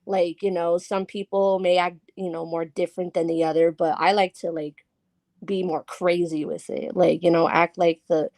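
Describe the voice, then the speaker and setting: A woman's voice: on the low side, level tone, moderate pace, darkish tone, no echo. A woman guest scare actor chatting casually on a podcast, talking loosely with many fillers and giggles.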